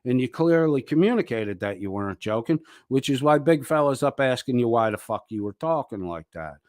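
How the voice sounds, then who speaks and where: A man's voice: medium pitch, a little mellow, dry recording, studio quality. A man hosting a reaction commentary, ranting angrily and mocking with heavy swearing. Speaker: commentary channel host.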